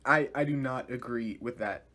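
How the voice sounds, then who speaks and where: A man reviewing an episode in a loose, chatty way, animated and full of slang. His voice sits at a middle pitch for a man, and he laughs often as he talks. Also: moderate pace. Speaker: series reviewer. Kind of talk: casual video review.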